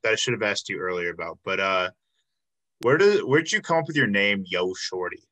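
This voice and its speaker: Bright-voiced man hosting an interview. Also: lowish voice, animated, a little fast. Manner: friendly, filler-heavy questions. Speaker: podcast host.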